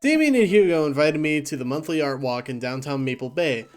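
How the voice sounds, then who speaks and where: Playful guy streaming a game, goofy jokes, bit higher voice, soft music going behind. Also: expressive, brisk. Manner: goofy, playful, laughing asides. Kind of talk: casual let's play commentary.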